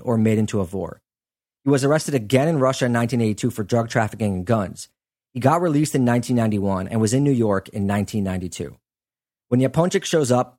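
A man in the middle of his range hosts a podcast, recounting a story in relaxed, chatty fashion. He fills his telling with asides and small tangents, keeping it loose and conversational. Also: mid-range voice. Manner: conversational, chatty, lots of "like" and "you know" asides. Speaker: podcast host. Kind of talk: casual storytelling chat.

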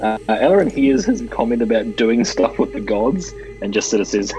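A man's voice: lowish voice, very animated, moderate pace, hardly any pauses, mellow, faint music behind, low-quality recording. A man playing a tabletop game who narrates his character's actions in a dry, understated way. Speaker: player.

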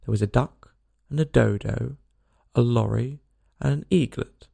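A man narrating a children's storybook aloud in an expressive, lilting reading style. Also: medium pitch, unhurried, creaky, husky.

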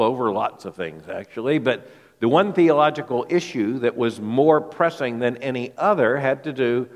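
A man preaching an expository sermon, his voice sitting in an ordinary middle pitch. He talks with emphasis and often repeats a word as he thinks aloud. His voice rings with a long reverb in a large church hall. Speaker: pastor.

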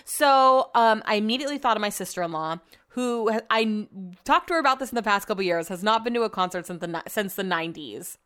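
Woman podcast host, smooth clear voice, casual and profane storyteller. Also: mid-range voice, fast. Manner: chatty, profane, animated retelling.

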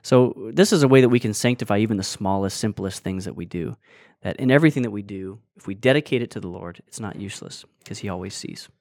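A man's voice: lowish voice, quick pace, darkish tone, no room sound, clean studio sound. A man co-hosting a casual faith discussion, earnestly explaining scripture passages. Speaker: podcast co-host.

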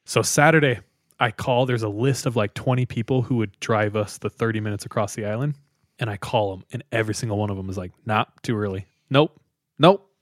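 Animated young man telling a story. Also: lowish voice, fast, no echo, clean studio sound. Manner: animated, laughs often, acts out quoted people. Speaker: podcast host. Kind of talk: casual storytelling among friends.

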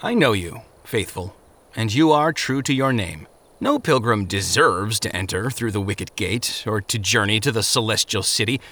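A man voicing a grave, kindly male gatekeeper in an audiobook drama, speaking solemnly and chiding gently. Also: medium pitch, close to an everyday voice.

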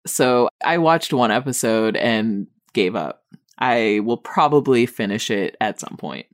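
Stoned lady podcaster rambling about tv, lots of "like", goes all squeaky and exasperated mocking people. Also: lively intonation, a little slow. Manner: wry, exasperated, jumps high for mock quotes; rambling with many "like" fillers. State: high on weed. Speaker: podcast host. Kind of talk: casual TV review chat.

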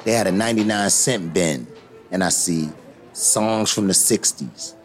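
A middle-aged man telling a story casually, profane and animated, acting out other people's voices. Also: low-pitched, a little slow. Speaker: hip hop artist. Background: music.

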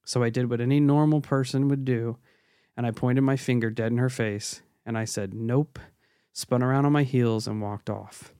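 A man's voice: medium pitch, steady tone, normal speed, dark tone, smooth, no echo, clean studio sound. A male podcast host chatting casually and reading a listener's story aloud in a laid-back, profane way.

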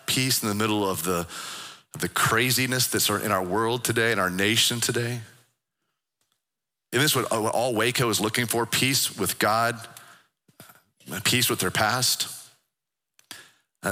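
Man, pastor, sermon, earnest, repeats himself, very bright tone, middle pitch. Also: in a large hall. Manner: earnest, repetitive, stammering restarts, slows for emphasis.

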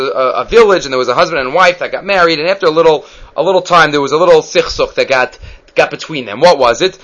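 Rabbi giving a Torah class, an animated storyteller with a high, bright voice. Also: male voice, rough recording. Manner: animated storyteller, acts out voices, mixes in Hebrew terms. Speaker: rabbi teaching the weekly Torah portion.

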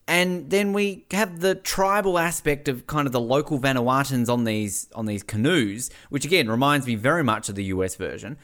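An Australian man co-hosting a podcast, recapping a reality show in casual, animated talk, swearing and mimicking people. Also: a little high. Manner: animated, swearing, mocking impressions. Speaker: podcast co-host.

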